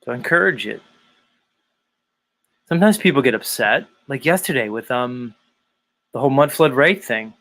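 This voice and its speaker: A man's voice: mid-range voice, expressive, moderate pace, pauses often, a bit bright. Rambling man hosting a live stream. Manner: rambling, chuckling, profane. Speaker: live show host. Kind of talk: casual live-stream monologue.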